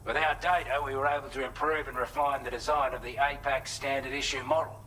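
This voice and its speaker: A man's voice: medium pitch, little pitch movement, fairly quick, sharp tone, slight background noise, natural voice, rough recording. An actor playing a friendly male shelter technician with an Australian accent, briefing a courier in video game dialogue. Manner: upbeat, matter-of-fact briefing.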